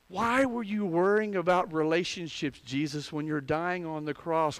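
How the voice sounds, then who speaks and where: Male pastor, fairly high voice, slow prayerful sermon delivery with hushed and loud passages, rhetorical questions. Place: church sanctuary.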